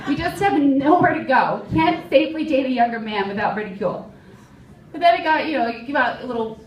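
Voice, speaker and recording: A woman's voice: high voice, a little hiss or hum. A woman doing a stand-up comedy set in a club, telling wry, self-mocking stories full of fillers. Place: live comedy club stage. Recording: roomy, distant live club recording.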